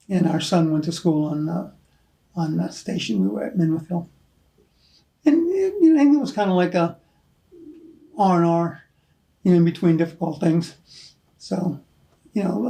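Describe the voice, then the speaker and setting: A man's voice: fairly high pitch, mellow, rough recording. An older American man, an Army veteran, telling rambling anecdotes in an oral history interview, chuckling often. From United States. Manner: rambling anecdotal storyteller, chuckles, many "you know"s. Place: hotel room.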